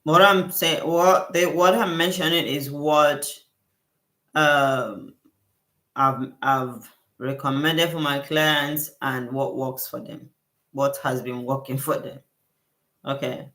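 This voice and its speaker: A woman's voice: sits low, steady tone, slow, fairly bright tone. A woman who works as a skincare consultant, hosting a casual livestream Q&A with viewers. She talks effusively, repeats herself and thanks her viewers often. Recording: roomy echo.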